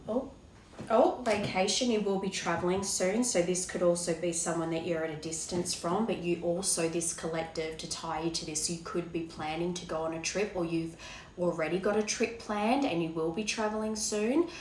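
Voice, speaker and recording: Hoarse low-voiced woman reading tarot. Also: normal speed, a little mellow, roomy sound, a little hiss or hum, low-quality recording. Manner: rambling, hesitant, many fillers. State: hoarse, voice cracking from illness. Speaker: tarot card reader. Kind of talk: casual tarot reading to camera.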